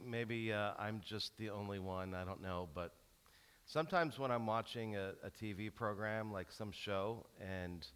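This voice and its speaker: A middle-aged male pastor giving an animated sermon, stumbling and restarting often as he tells a story. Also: lowish voice, clear, resonant tone.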